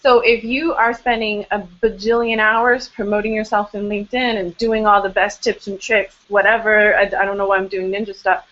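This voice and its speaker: A woman's voice: mid-range voice, little pitch movement, normal speed, few pauses, fairly bright tone. An American woman hosts a live online Q&A in a loose, chatty way, poking fun at herself as she goes. Her voice sits in an ordinary middle register. It comes through a home video call with dull, lo-fi sound. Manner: chatty, informal, self-deprecating. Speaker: host of a blogging Q&A webinar. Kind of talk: casual live webinar talk. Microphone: webcam on a video call, later a headset.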